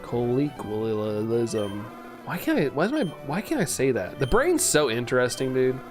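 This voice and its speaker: A man's voice: mid-range voice, wildly swooping pitch, fairly quick, music in the background. A young man streaming, chatting casually with his audience, reading their comments aloud and laughing at himself. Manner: chatty, self-mocking, reads chat aloud and laughs often. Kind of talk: casual live-stream chat.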